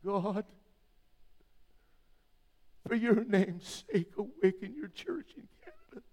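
Older pastor in his 60s, gravelly high voice, loud then hushed, long hall echo. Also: animated, slow. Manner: impassioned, swinging from loud to hushed. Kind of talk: sermon. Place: church sanctuary.

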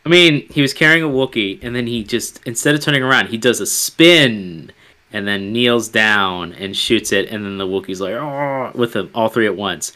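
A man co-hosting a podcast, chatting casually with wry, dry asides and quickly acting out scenes he describes. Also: on the low side, sharp tone. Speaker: podcast co-host. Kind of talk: casual review chat.

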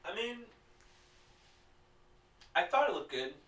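A man's voice: sits high, very animated, slow pace, fairly bright tone, recorded from a distance. A man who is a podcast guest, chatting in a laid-back way and laughing often. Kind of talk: casual chat. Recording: echoey room, off-mic.

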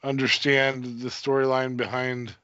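A man's voice: mid-range voice, level tone, unhurried, pushed and bright, clean tone, no room sound, lo-fi sound. A man co-hosting a casual wrestling podcast, chiming in with jokes. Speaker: podcast co-host.

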